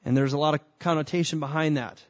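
A man preaching a sermon in a conversational way, with emphatic bursts and slow, drawn-out lines. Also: fairly high pitch, steady tone, dry recording. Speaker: pastor.

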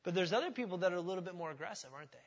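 With a high-pitched, expressive voice that moves very fast, this male pastor preaches conversationally in church and asks the congregation questions. The sound is lo-fi, with hall reverb.

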